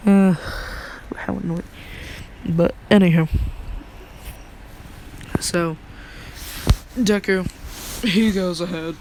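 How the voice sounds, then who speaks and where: A young man retelling a fan story in a relaxed, rambling way, full of slang and fillers. His voice is high and gravelly, and he talks slowly. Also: slight background noise, poor audio.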